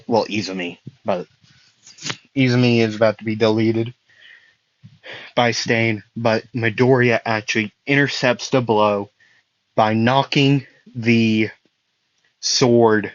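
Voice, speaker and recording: A man's voice: mid-range voice, fairly bright tone, dry recording, lo-fi sound. A man improvising a fan story, rambling and correcting himself with lots of fillers.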